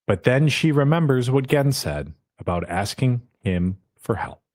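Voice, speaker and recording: A man's voice: mid-range voice, big pitch swings, a little slow, darkish tone. A man hosting a podcast, casually recapping an anime episode and acting out the characters' lines with frequent swearing.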